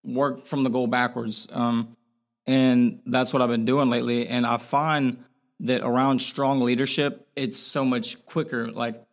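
A man's voice: medium pitch, level tone, measured pace. Casting: young adult male guest, candid and loose, filler-heavy everyday speech. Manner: casual, frank, lots of "like" fillers. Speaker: podcast guest. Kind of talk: candid conversational interview.

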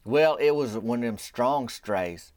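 A man's voice: medium pitch, animated, unhurried, a little mellow, no room sound. A man, telling a rambling comic story in a folksy, digressive way. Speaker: podcast host.

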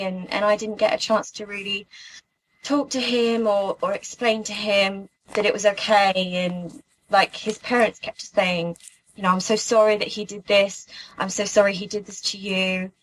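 Earnest, halting woman from the UK. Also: mid-range voice, a bit bright, low-quality recording. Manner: earnest, halting, many restarts. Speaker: guest telling a personal story. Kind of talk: emotional personal account.

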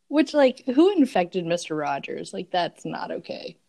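A woman's voice: on the low side, big pitch swings, measured pace, vocal fry, dark tone. A woman co-hosting a podcast in casual chat, amused and laughing often. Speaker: podcast co-host.

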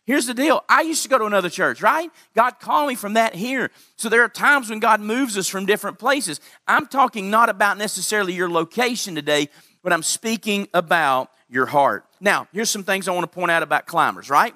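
High, bright-voiced preaching man. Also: no echo, clean studio sound. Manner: emphatic preaching with rising punch lines; direct, speaks to the congregation. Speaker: pastor. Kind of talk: sermon.

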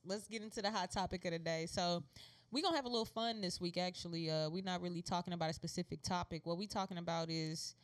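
A chatty American woman hosting a relaxed conversation with a slightly low voice. She teases her co-host and laughs easily between points. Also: fast talker. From United States. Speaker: podcast co-host. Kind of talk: casual chat.

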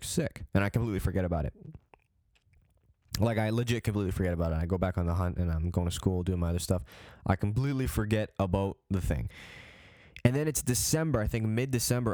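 A man's voice: low voice, darkish tone, no room sound, studio quality. A young man in his late teens from Canada, hosting a podcast and telling a story in a casual, rambling way, with frequent swearing, restarts and fillers. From Calgary, Canada. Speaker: podcast host.

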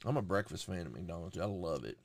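A man's voice: sits low, brisk, creaky, no room sound. A man hosting a podcast, casually telling a profane story and acting out what people said. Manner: profane, animated storyteller who acts out quotes. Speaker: podcast host.

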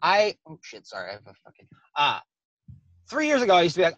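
A man's voice: high voice, wildly swooping pitch, fast talker, a bit bright, dry recording. A man, chatting casually as a comedian guest and rambling with lots of "like" and swearing. His voice sounds dull and lo-fi in a dry, dead space. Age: 20s. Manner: thick accent, swears a lot, rambling with many "like"s. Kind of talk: casual podcast chat.

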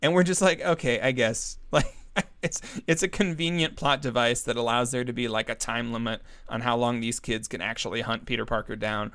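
Casual podcast co-host, male, animated storyteller who laughs a lot and jumps up in pitch for quoted lines. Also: brisk. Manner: animated, laughs often, acts out characters' lines in a raised voice. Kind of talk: casual chat recapping a comic story.

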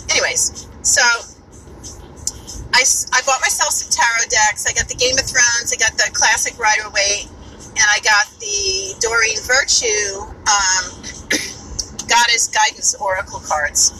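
Here a podcaster with a New York accent talks a little slowly in a high-leaning voice, rambling and cursing freely during a casual chat at the wheel. Car and road noise from the moving vehicle sit in the background.

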